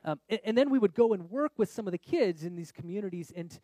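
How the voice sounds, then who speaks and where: In a sermon, a middle-aged pastor tells a story with animation, shifting from loud exclamations to quiet confession. His voice is high and fast, and there's no room sound.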